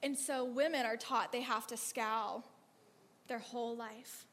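A woman telling animated ministry stories to a church audience, laughing often and acting out the lines of the people in her stories. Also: on the high side, measured pace. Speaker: speaker sharing ministry stories. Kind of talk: testimony storytelling to a church audience. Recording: long reverb of a hall.

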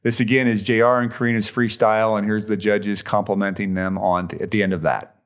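A man's voice: on the low side, little pitch movement, brisk, slight background noise. A man hosting a podcast, giving a casual, enthusiastic fan recap with chatty fillers. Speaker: podcast host recapping a dance show.

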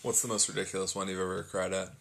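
A man co-hosting a podcast, chatting casually in a relaxed way, quick to laugh. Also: deep voice, creaky, a little hiss or hum. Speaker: podcast co-host. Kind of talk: casual chat.

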